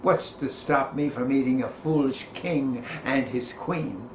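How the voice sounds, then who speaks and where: A man's voice: medium pitch, measured pace, natural voice. A man voicing a greedy, boastful storybook cat who gloats as he lists everything he has eaten, in a roomy recording. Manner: bragging, gloating listing. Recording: roomy echo, faint background noise.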